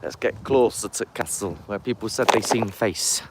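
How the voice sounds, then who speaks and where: A man's voice: fairly low pitch, normal speed, noisy background. A man chatting casually on a live stream outdoors by a castle, rambling and greeting viewers as he walks. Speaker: paranormal investigator streaming live.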